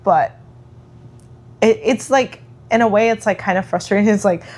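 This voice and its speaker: A young woman co-hosting a casual podcast about motherhood, talking in a chatty, animated way with plenty of fillers. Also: medium pitch, normal speed. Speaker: podcast co-host. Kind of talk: casual chat.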